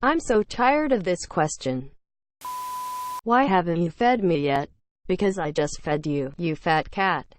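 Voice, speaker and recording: A woman's voice: on the low side, lively intonation, a little slow, noisy background. A woman reading forum posts aloud in a dry, matter-of-fact scripted narration.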